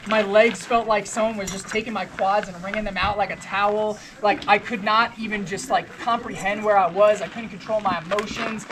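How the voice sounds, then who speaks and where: A young woman giving a motivational talk to runners at a race event, telling a story and acting out the dialogue with casual slang. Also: mid-range voice. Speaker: motivational speaker at a race briefing. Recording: noisy outdoor ambience.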